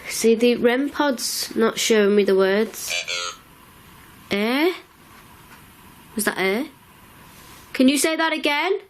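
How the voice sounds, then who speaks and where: A woman paranormal investigator calling out to spirits in an old farmhouse at night, nervous and breathy, recorded on a handheld camera. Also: on the high side, lively intonation, slow, long pauses, a little hiss or hum. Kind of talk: ghost-hunting calling out.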